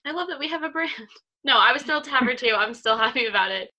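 A woman's voice: sits high, expressive, fast, pushed and bright. A woman in her twenties co-hosting a podcast over a video call, chatting casually in an upbeat way with lots of fillers. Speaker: podcast co-host. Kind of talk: casual chat.

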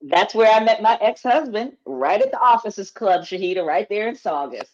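A woman's voice: mid-range voice, expressive, normal speed, lo-fi sound. A woman co-hosting a casual chat, frank and blunt as she tells stories. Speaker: podcast co-host.

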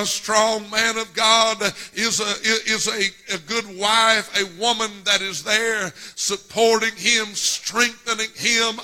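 A preacher man delivers a sermon in a deliberate, unhurried cadence. His voice sits very high and rings bright and piercing. He leans on repetition and frequent "uh" fillers as he builds each phrase.

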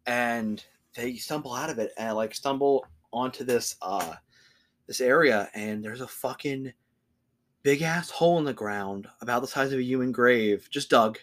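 A man's voice: mid-range voice, moderate pace, fairly bright tone. A man hosting a podcast, ranting casually with constant swearing and acting out the voices of the people he quotes. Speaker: podcast host. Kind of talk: casual profane rant.

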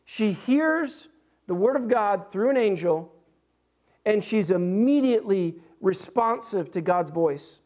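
A man with a notably high voice preaching a sermon. He talks in an animated, conversational way, stumbling into restarts and fillers as he goes. His pitch stays light and lifts higher still when he gets excited. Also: slow. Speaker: pastor.

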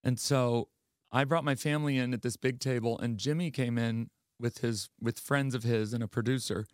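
Animated man telling a story. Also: mid-range voice, normal speed, no echo, studio quality. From Garrett County, Maryland. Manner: animated storyteller, acts out quoted voices. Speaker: guest. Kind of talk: casual chat.

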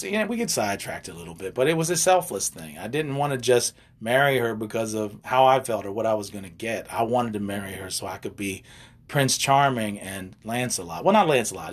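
A man's voice: mid-range voice, husky. An older man, a relationship coach, chatting casually and telling stories with asides and jokes. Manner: animated, wanders into side stories and jokes. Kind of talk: casual storytelling chat.

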